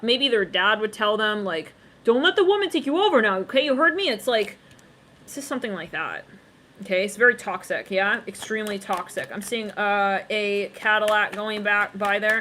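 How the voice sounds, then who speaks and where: In a fairly high, pushed and bright voice, a woman does an easygoing psychic tarot reading, rambling and talking straight to her viewers. Frequent laughter and hummed song snippets fill her talk, and a little hiss or hum sits under the recording.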